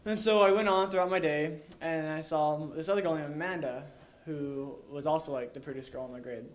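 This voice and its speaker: A man's voice: fairly high pitch, fairly even intonation, brisk. A young man telling a live story to an audience, rambling with lots of "like" and chuckling along the way. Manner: rambling, heavy use of "like", chuckles while telling.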